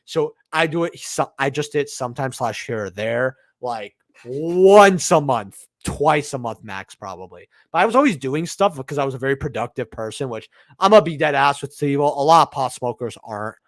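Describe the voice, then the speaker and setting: A man's voice: mid-range voice, expressive, moderate pace, hardly any pauses, dry recording, clean studio sound. A young man hosting a live stream, chatting casually in a rambling way, with slang and swearing. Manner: slangy, swearing, rambling storyteller who says "bro". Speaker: livestream host.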